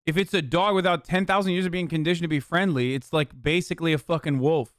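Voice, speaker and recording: A man's voice: on the high side, steady tone, quick pace, slight background noise. A man hosting a live stream, reacting casually, arguing and swearing heavily. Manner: argumentative, heavy swearing. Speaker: streamer host.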